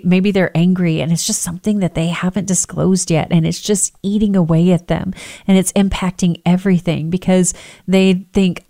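A woman who works in healthcare, giving calm, earnest, emphatic advice to parents. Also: fairly low pitch.

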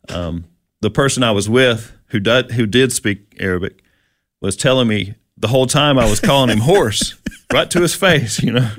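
A man's voice: medium pitch, a bit bright, no room sound. Male co-host, conversational Bible teacher, dry close sound, loose and explanatory delivery. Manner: explanatory, with many fillers and restarts. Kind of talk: casual Bible teaching chat.

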